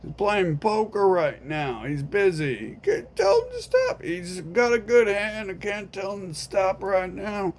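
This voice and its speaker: A man voicing a callous torturer who shrugs off blame in a slow, offhand, raised voice. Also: sits high, very animated, slight background noise, voice pushed up, full character voice. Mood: dismissive.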